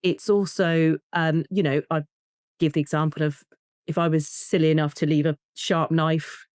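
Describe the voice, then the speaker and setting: A woman, a therapist, talking in an interview, explaining with lively examples and acting out short bits of dialogue. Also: low-pitched, normal speed, no room sound, clean studio sound. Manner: animated, acts out child and parent voices in examples. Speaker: attachment and trauma therapist, guest. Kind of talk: conversational interview.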